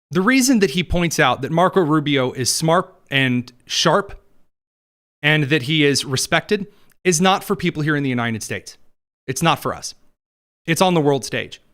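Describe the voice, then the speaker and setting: A man hosting a political commentary show, talking in an animated, opinionated monologue. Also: a little high, normal speed. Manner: animated, does mocking voices for quotes.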